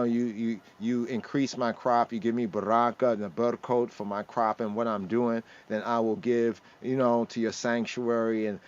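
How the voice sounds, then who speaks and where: A man expounds scripture verse by verse in a mid-range voice, mixing in Hebrew terms. He keeps checking in with his listeners. The stream audio is a little dull and lo-fi. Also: mid-range voice. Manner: expounding verse by verse, sprinkling in Hebrew words and asking "right?". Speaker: Rastafari scripture teacher. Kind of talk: livestreamed scripture teaching.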